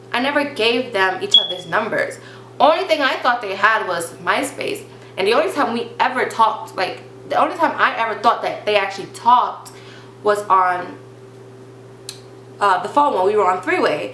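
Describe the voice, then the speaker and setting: A young woman tells a personal story in a casual vlog, talking in a chatty, animated way full of restarts. Her voice is bright and sharp. The room is echoey, with a faint hiss behind her. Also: medium pitch, normal speed. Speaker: vlogger telling a story.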